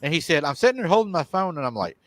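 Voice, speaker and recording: A man hosting a live paranormal show, retelling a viewer's encounter in an animated way and chuckling often. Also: on the high side, very fast, dry recording.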